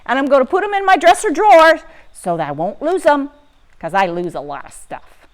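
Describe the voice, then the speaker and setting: A woman teaching young children in a lively, sing-song way, talking right to them. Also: high voice, fairly quick. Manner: animated, sing-song, talks to the kids. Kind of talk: children's lesson. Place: barn.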